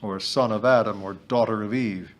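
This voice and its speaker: A man's voice: on the low side, steady tone, moderate pace, natural voice. Man doing a hearty ancient male sprite. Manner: hearty, emphatic, sing-song when chanting. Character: merry ancient male hill sprite, lively and boastful.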